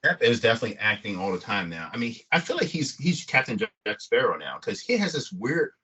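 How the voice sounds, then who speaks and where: Excitable man with a lively, bright voice. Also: on the low side, fast talker, slightly rough, highs cut off. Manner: excitable, laughs often, loose and joking. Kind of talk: casual podcast conversation.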